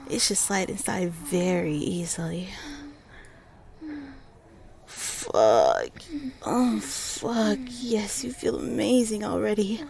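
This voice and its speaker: A woman playing a commanding lover in an erotic audio role-play, breathy and often whispering, giving slow, coaxing directions. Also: medium pitch, very animated, crowd noise, exaggerated voice. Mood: sultry.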